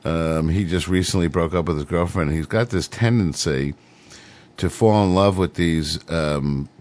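Middle-aged guy w a really low voice, laid-back rambly radio host, lots of ums. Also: a little slow, darkish tone. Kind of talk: casual radio monologue.

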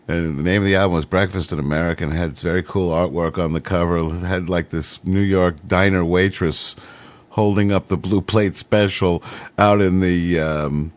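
A middle-aged man hosting a radio show, rambling casually between songs with lots of fillers. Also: low-pitched. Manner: rambling, laid-back, many fillers.

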